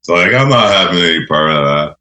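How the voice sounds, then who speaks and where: A man's voice: sits low, lively intonation, fast, bright, forceful tone. A man telling rambling, laughing anecdotes in a casual interview. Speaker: radio host guest. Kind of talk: casual storytelling.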